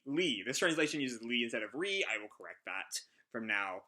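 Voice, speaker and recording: A man's voice: mid-range voice, sing-song, normal speed, hardly any pauses, pushed and bright. A man hosting a live manga reading reaction, talking casually and hesitantly as he thinks aloud.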